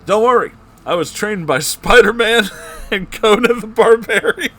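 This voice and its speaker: A man's voice: a little high, a little fast, fairly bright tone, faint music behind, pitched above the performer's own voice. A man doing a self-admittedly bad impression of a president, delivering a rousing speech in a comedic story reading. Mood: brave.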